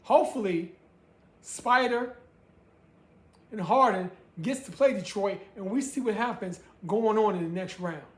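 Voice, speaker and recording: A woman's voice: mid-range voice, a little slow. A woman hosting her own sports talk show, ranting with emphasis and repeating her points. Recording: echoey room.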